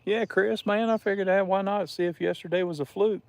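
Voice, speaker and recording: A man hosts a relaxed live stream outdoors by a river and keeps up a steady chat with his viewers, greeting them one by one. His voice sits a bit high for a man and has a gravelly, creaky texture. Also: brisk, dry recording. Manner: chatty, greets viewers by name.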